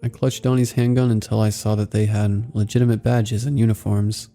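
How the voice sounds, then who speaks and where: Guy narrating a creepy campfire horror story, gravelly and really dark, low voice, quiet music behind. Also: fairly quick. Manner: steady, somber storytelling. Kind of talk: scripted first-person horror narration.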